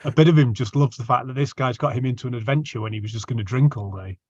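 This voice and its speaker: Husky animated player. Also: male voice, medium pitch, fast talker, dry recording, highs cut off. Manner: animated, storytelling. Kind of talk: tabletop game play and chat.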